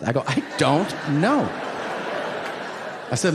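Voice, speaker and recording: A man doing a stand-up comedy routine on stage, acting out voices in his stories, swearing and shouting punchlines, with a live audience laughing. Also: medium pitch, sing-song, moderate pace, long pauses, background noise. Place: large venue before a laughing audience. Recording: live hall with reverb and loud ambience.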